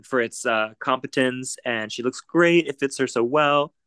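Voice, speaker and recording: A man's voice: mid-range voice, normal speed, a bit bright, clean tone. A man appearing as a guest on a podcast, chatting casually and giving short, easygoing replies. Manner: easygoing, brief agreeable replies. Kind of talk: casual chat.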